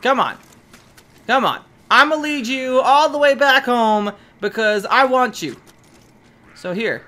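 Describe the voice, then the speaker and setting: A woman casually commenting as she plays a video game, chatty and excitable, shrieking at sudden scares and coaxing a pet in baby talk. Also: fairly high pitch, slow pace. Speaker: gaming video host. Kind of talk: casual let's-play commentary.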